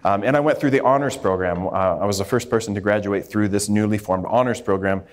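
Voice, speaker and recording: A man's voice: fairly low pitch, a little fast. A man who grew up in Idaho, a dermatologist giving a candid, informal talk to a group of students, with frequent fillers and restarts. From Idaho, USA.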